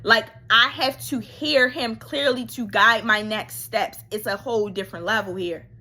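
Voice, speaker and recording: Woman, life coach, bright tense tone, casual, emphatic, repeats herself for effect. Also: on the high side, normal speed. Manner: faith-driven, coaching tone addressing viewers. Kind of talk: candid motivational monologue.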